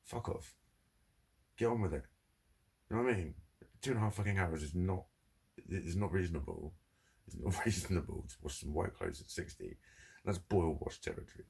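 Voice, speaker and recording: Male vlogger, gravelly and husky, candid, profane rant. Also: sits low, big pitch swings, fairly quick, a little mellow. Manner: heavy swearing, ranting, candid. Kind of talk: confessional monologue.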